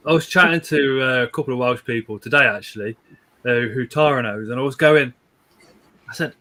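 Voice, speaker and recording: A man's voice: mid-range voice, fairly quick, sharp tone. A man hosting a casual live stream from home, rambling, repeating words and chuckling as he reads out viewer comments.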